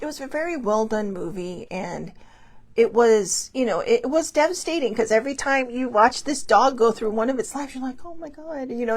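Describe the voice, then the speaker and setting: Woman, host, casual talk, grieving, tearful, rambling, halting restarts. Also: high voice.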